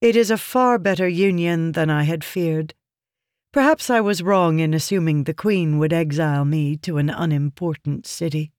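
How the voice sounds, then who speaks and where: A reader voicing a stern, cold noblewoman of high birth who speaks flatly and commandingly in an audiobook. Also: moderate pace, smooth, dry recording, studio quality, close to an everyday voice. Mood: composed. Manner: flat, clipped, commanding.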